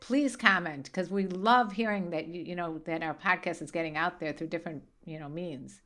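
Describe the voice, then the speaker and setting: Teasing middle-aged woman with a bright voice. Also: lowish voice. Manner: teasing, playful, quick to laugh. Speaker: podcast co-host, host's mother. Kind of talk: casual chat. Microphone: podcast studio mic.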